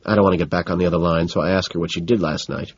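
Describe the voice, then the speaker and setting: Low, husky, flat male narrator. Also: rapid-fire. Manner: flat, dejected, low-key. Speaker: audiobook narrator. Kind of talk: first-person narration. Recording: dull lo-fi sound.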